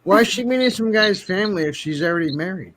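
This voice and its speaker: A man's voice: high-pitched, lively intonation, quick pace, a bit bright. A man in a casual group chat, blunt and mocking as he cuts in. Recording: crowd noise behind the voice.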